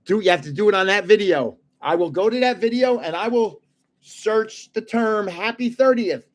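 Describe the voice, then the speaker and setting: Older guy rambling on his late night live stream, kinda tired, laughs a lot, voice sits a little high. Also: lively intonation, a little slow, pauses often. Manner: rambling and chatty, chuckling often, many restarts. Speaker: livestream host running a card giveaway. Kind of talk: casual live stream chat.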